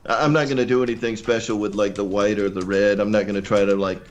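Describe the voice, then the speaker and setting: A man appearing as a guest on a casual livestream, speaking in a relaxed, matter-of-fact way as he talks through a repair plan. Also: fairly low pitch, fast talker. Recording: dull lo-fi remote line.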